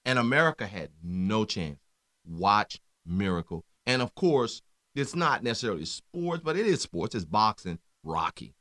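A man co-hosting a casual sports talk show, teasing his partner and telling stories in a lively way. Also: on the low side, normal speed. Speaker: co-host.

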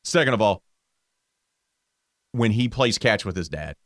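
A middle-aged man co-hosting a casual sports talk show, ranting with animated jumps up in pitch for emphasis. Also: measured pace, no room sound, studio quality. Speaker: co-host.

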